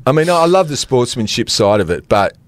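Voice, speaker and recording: A middle-aged Australian man co-hosting a sports podcast, telling stories with lots of laughs and animated swings into quoted voices. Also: brisk, no room sound. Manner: animated storyteller, laughs often, jumps pitch for quoted voices. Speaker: podcast co-host. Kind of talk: casual sports chat.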